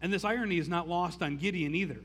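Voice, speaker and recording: Guy preaching, kinda high voice, chatty, keeps restarting words. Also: fast talker, a bit bright. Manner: casual, stammering restarts, frequent "like". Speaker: pastor. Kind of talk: conversational sermon.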